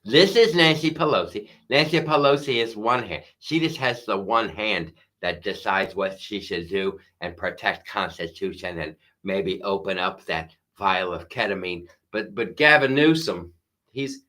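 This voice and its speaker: A man's voice: fairly low pitch, unhurried, bright, forceful tone. A middle-aged man hosting a comedy podcast, rambling sarcastically through a casual monologue with frequent restarts.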